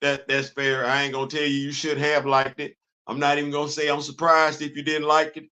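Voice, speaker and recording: Male host with a high, sharp voice; lively, exclamatory fan chat. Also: a little fast. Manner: animated, repetitive, exclaiming, laughing. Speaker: comics podcast host. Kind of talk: excited casual comic book talk. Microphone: live stream mic.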